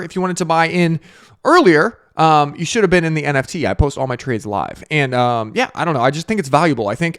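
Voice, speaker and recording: A man hosting a crypto trading show, giving energetic casual market commentary to camera on a webcam and checking in with "right?" again and again. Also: fairly high pitch, no echo, studio quality. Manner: energetic, repetitive, frequent "right?" tags.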